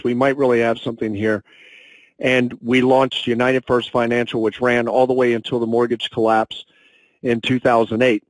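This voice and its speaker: A man giving a motivational corporate talk as a sales and training director, telling stories with feeling and slowing down when moved. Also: medium pitch, no room sound, poor audio. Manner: emotional, storytelling, slows down when moved. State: choked up. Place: conference call.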